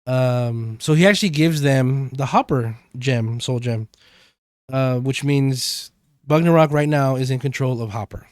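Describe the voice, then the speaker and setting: A man chatting through a TV episode recap on a podcast, rambling and filling pauses with "um"s. His voice sits in the middle range. The sound is close and dry. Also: medium pitch, a little mellow, dry recording. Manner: rambling, many fillers. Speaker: podcast co-host. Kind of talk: casual chat recapping a TV episode.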